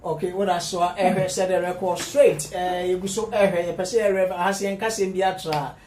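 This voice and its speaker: A man's voice: high-pitched, steady tone, moderate pace, darkish tone, roomy sound, a little hiss or hum. A Ghanaian man hosting an interview, hesitant with many fillers. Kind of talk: interview questions mixing Twi and English.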